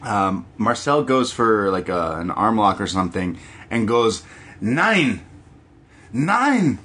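A young man co-hosting a casual wrestling podcast, telling the match story with lively quick impressions. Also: fairly low pitch. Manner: animated storytelling with quick impressions, laughs often. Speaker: podcast co-host. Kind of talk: casual chat recapping wrestling.

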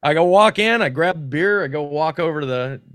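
A man guesting on a podcast, telling stories in a casual, animated, profane way with frequent restarts. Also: on the high side, brisk, dry recording, clean studio sound. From North Carolina. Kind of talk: casual storytelling.

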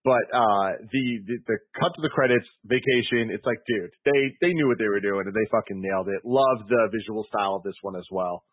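Husky man raving about a movie. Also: fairly low pitch, a little fast, few pauses, no echo. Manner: excited, swears casually. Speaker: podcast co-host. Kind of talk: casual movie chat. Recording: dry tinny phone-like audio.

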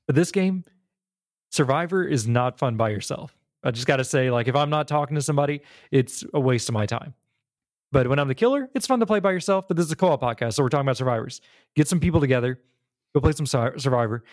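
A man co-hosting a gaming podcast over a call, his voice mid-pitched and easygoing. He rambles casually with plenty of fillers. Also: quick pace. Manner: relaxed, chatty, lots of "like". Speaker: podcast co-host. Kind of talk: casual chat.

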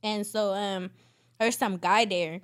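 A woman's voice: medium pitch, steady tone, slow pace. A woman guest on a podcast, chatting casually as she tells a long story full of fillers and swearing.

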